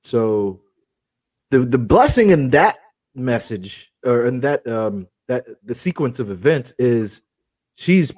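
A man's voice: medium pitch, takes it slowly, dry recording. Laid-back man co-host, dry close sound. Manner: relaxed, hesitant, many fillers and restarts. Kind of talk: casual family podcast chat.

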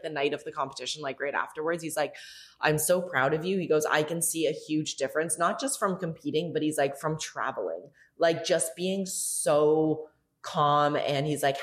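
A young woman hosting a podcast, talking candidly in a casual monologue, swearing freely and saying "like" a lot. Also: low voice. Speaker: podcast host.

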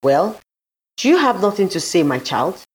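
A woman reading aloud voices an ancient female sea goddess, speaking in a stately, measured way. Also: on the low side, very animated, pitched above the performer's own voice. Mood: commanding.

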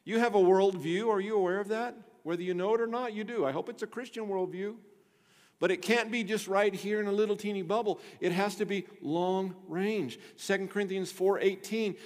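A man preaching a sermon as pastor, emphatic and leading the congregation in call-and-response, often dropping to a soft low voice on key phrases. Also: fairly even intonation, a little fast, in a large hall. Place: church.

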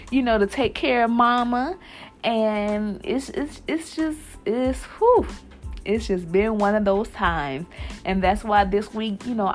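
A young woman talks heartfelt and personal on her spiritual podcast. Her voice sits at a middle pitch and she likes to repeat her phrases. Faint music plays underneath. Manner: heartfelt, repetitive phrasing, sighs and laughs. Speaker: podcast host.

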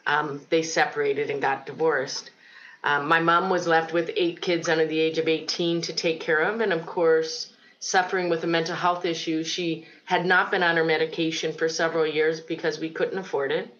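A middle-aged woman from Ohio recounts her childhood in an interview, earnest and reflective, with frequent pauses and ums. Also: sits low, a bit bright, highs cut off. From Ohio, United States. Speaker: guest telling her life story. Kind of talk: personal testimony in an interview.

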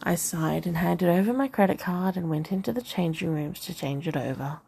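A woman's voice: lowish voice, expressive, moderate pace, vocal fry, mellow, breathy edge. A woman narrating a first-person novel aloud with wry, dry humour. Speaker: audiobook narrator.

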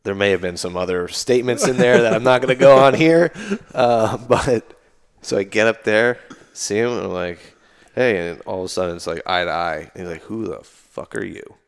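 A man's voice: lowish voice, expressive, a little fast, clean tone. A man and army veteran, talking loosely as a guest in a casual interview, full of fillers and restarts. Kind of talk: casual conversational storytelling.

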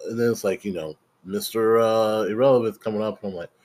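Young guy on a podcast, low-ish voice, acts out every quote, cusses a lot. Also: brisk. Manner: animated storytelling, acts out quotes, swears freely. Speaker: podcast co-host. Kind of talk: casual chat.

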